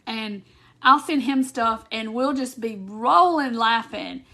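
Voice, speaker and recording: Hosting a relaxed craft live stream, a woman greets viewers by name and giggles a lot as she reads their comments. Her voice sits a little high, bright and forceful, and she takes her time. It sounds like a phone or webcam mic.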